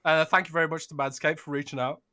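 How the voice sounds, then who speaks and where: A man's voice: on the high side, level tone, fast, sharp tone, slight background noise. A man co-hosting a gaming podcast in casual chat, joking and laughing as he reads a sponsor spot. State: tired after feeling unwell. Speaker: podcast co-host.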